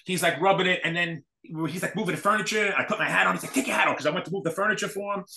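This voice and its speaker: New guy spinning stories, does the voices, kinda high bright voice. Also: rapid-fire, creaky. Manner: animated storyteller, acts out quotes. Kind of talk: casual storytelling chat. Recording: echoey room.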